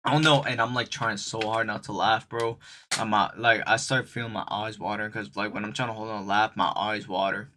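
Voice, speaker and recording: A man's voice: on the low side, little pitch movement, a little fast, noisy background. A young man telling a story on his stream, talking casually in loose slang and speaking straight to his viewers.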